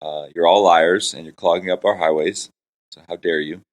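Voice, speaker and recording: Joking deep-voiced man from Florida. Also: fairly even intonation, moderate pace. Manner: joking, self-deprecating, playful. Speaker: Christian hip hop artist and pastor. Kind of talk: casual interview chat. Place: hotel room.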